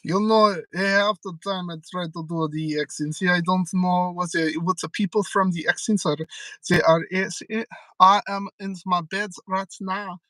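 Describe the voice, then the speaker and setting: Giggly, rambling stream host. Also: male voice, high-pitched, fairly even intonation, moderate pace, bright, forceful tone, dry recording, low-quality recording. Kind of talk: casual live-stream chat.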